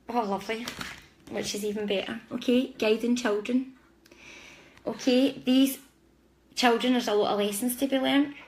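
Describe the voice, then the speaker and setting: A woman hosting a live-stream psychic reading, talking chattily and apologetically straight to her viewers. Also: fairly high pitch. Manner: chatty, warm-hearted, apologetic, speaks directly to viewers. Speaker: psychic reader.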